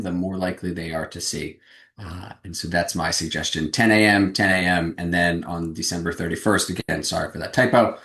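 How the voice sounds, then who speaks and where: A man's voice: deep voice, a bit bright, reverberant. A man giving a webinar presentation on fundraising, speaking energetically and emphatically over a video call.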